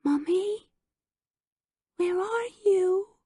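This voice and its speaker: A woman's voice: very high-pitched, very slow, mellow, dry recording, clean studio sound, voice pushed up, heavily acted. A woman voicing a frightened little girl whose voice is quavery and lisping. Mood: frightened pleading.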